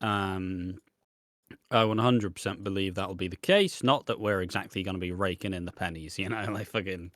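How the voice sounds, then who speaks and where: A podcast co-host chats casually, laid-back and swearing now and then. His voice sits low and fairly bright, with fairly even intonation and a normal speed. The recording is dry and studio quality.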